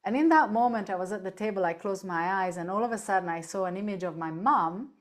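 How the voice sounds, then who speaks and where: A woman speaking as a podcast guest on animal end-of-life care, telling lively stories, laughing easily and often checking in with "right?". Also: mid-range voice, quick pace. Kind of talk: casual interview chat.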